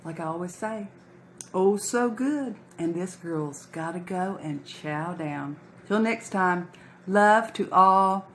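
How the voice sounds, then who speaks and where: A woman's voice: fairly low pitch, takes it slowly, fairly bright tone, a little hiss or hum. A woman chatting folksily through a home cooking demo in her kitchen, humming as she tastes. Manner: folksy and chatty, hums while tasting.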